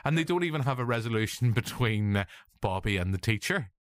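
A man's voice: mid-range voice, animated, a little fast, no echo, clean studio sound. A man co-hosting a casual film review chat, enthusiastic and quoting lines from the film in put-on voices. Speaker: podcast co-host.

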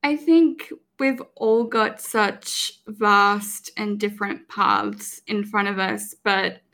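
A woman in a casual group chat, speaking in an unhurried, reflective way. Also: medium pitch, steady tone, pushed and bright.

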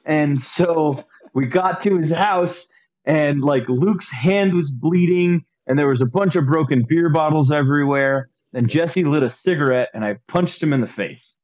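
A man's voice: on the high side, measured pace, darkish tone. A man in casual podcast chat, rambling and hesitant, with many fillers. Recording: slightly dull lo-fi sound.

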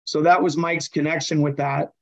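A man, a hockey coach and general manager, telling stories as a guest in an interview and lively acting out the people in them. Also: on the high side, normal speed. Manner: animated, acts out voices while telling stories. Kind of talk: conversational interview storytelling.

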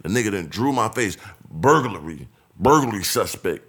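A man's voice: lowish voice, animated, moderate pace, fairly bright tone, breathy edge. A young man telling a story in casual, profane chat, acting out other people's voices and laughing often.

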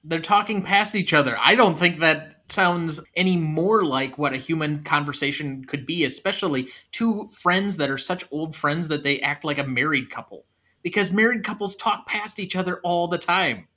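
A man's voice: a little high, normal speed, sharp tone. A man hosting a casual movie-review podcast, wry and keeping the segments moving. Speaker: podcast host.

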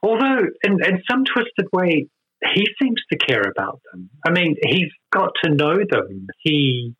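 A man discussing a film in casual conversation, thoughtful and quick to laugh. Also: on the high side, big pitch swings, breathy edge. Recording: dull lo-fi sound.

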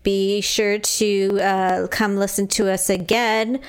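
A woman's voice: medium pitch, flat delivery, slow pace, clean tone. Easygoing woman podcast co-host. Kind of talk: casual chat and show sign-off.

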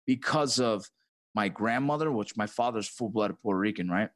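A man's voice: fairly low pitch, normal speed, fairly bright tone. A man hosting a casual podcast chat, talking loosely with lots of swearing and laughter. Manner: profane, laughing, loose banter. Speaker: host.

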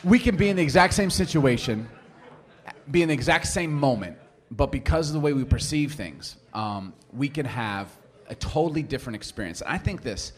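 A man's voice: mid-range voice, moderate pace. A man in his forties, a pastor telling a family story in a sermon and acting out the people in it. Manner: animated storyteller, acts out family members' voices.

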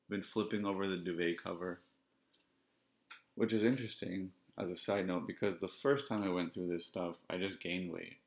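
A man hosting a podcast, telling a personal story in a reflective, halting, candid way. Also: low voice, fairly even intonation, vocal fry. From Canada. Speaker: podcast host. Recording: dull lo-fi sound.

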